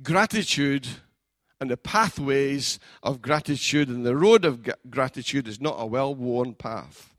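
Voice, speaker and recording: A man, a pastor preaching a sermon in a church, building from plain storytelling up to fervent shouting. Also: medium pitch, animated, unhurried, no room sound.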